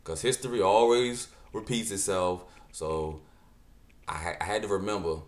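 A man giving animated, incredulous reaction commentary in a joking tone. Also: deep voice, normal speed, reverberant. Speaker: vlogger.

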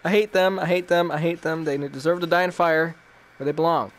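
A man's voice: on the high side, fairly even intonation, a little fast. A man reacting while playing a VR game, jumpy and panicky and swearing constantly. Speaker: gamer.

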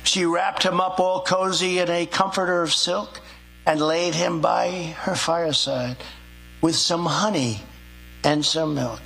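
An older man giving a political speech, reciting a poem in a slow, emphatic, theatrical way. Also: a little high, fairly bright tone, low-quality recording. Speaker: political speaker.

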